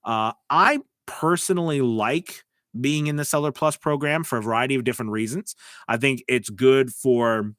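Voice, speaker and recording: A man's voice: mid-range voice, moderate pace, a bit bright, no echo. Male host for a casual live stream, mid-range voice, loose and filler-heavy, dry close-miked. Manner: rambling, filler-heavy, reads viewer comments aloud. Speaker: voice-over coach and channel host.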